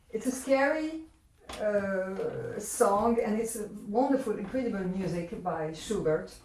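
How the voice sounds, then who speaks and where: A woman's voice: mid-range voice, warm tone. A woman pianist casually explaining a piece to guests at a home gathering, chatty and a little hesitant. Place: home, indoors. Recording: roomy, from a distance.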